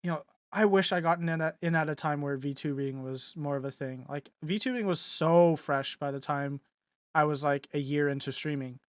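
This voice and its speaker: A man's voice: a little high, normal speed, no room sound, clean studio sound. A young man co-hosting a podcast and chatting casually, rambling with lots of fillers. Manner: rambling, filler-heavy, laughs easily. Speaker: podcast co-host and streamer. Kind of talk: casual chat.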